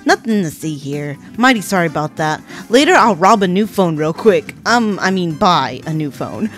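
A woman puts on a swaggering game cowboy with a folksy drawl who softens his own cussing into silly substitutes. The delivery swoops and bounces from line to line. Faint music plays behind him. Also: fairly low pitch, expressive, moderate pace, close to an everyday voice. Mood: sheepish folksy. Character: brash Southern cowboy man, swaggering.

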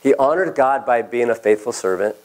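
Speaking briskly in a mid-range, darkish voice, a male pastor preaches a sermon built on personal stories, acting out the voices of the people in them. The recording is rough.

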